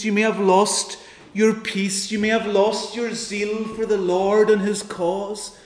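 Male preacher, high and even voice, slow earnest pleading sermon, roomy echo. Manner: earnest, pleading, with dramatic pauses and quoted prayers.

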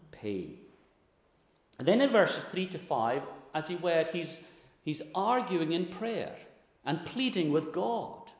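Male preacher, unhurried and earnest, expressive swooping delivery, long church-hall reverb. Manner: earnest, rises to high emphatic pleading when quoting scripture. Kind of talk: expository sermon. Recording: echoey hall.

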